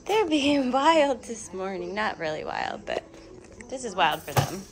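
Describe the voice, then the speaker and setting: In a casual vlog, a young dog breeder who has a cold talks baby talk to her puppies in an indoor pen. Her medium-pitched voice is sing-song and unhurried, with noise in the background.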